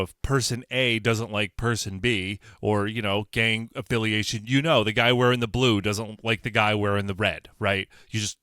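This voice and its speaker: A man's voice: fairly low pitch, dry recording, clean studio sound. A man from Connecticut hosting a casual solo podcast, talking bluntly with plenty of swearing and repetition. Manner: blunt, animated, swears and repeats himself. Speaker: podcast host.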